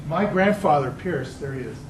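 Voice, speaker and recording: A man's voice: fairly high pitch, animated, normal speed, slight background noise, low-quality recording. Chatty man giving a slide talk. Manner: chatty storyteller, quizzing the audience. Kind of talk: casual public slide lecture.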